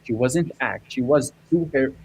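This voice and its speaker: Halting filmmaker. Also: male voice, medium pitch, a little mellow, husky, poor audio. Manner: halting, many fillers and restarts. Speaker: documentary filmmaker. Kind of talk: interview answers.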